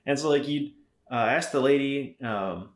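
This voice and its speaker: This middle-aged man from Arizona, founder of a rifle company, talks at a medium pitch and moderate pace while guesting on a podcast. His casual, rambling anecdotes come laced with fillers and profanity, recorded in an echoey room.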